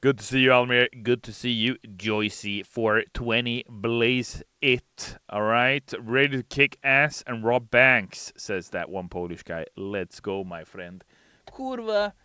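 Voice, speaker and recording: A man streaming casually, sounding a little sleepy and hesitant as he fills pauses with "uh". His voice is smooth and bright, and fairly low. The sound is close and dry, with no room in it. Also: dry recording. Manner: reads chat messages aloud in a brighter, louder voice; relaxed, hesitant with frequent uh fillers. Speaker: game developer streamer reading chat. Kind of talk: casual live-stream chat.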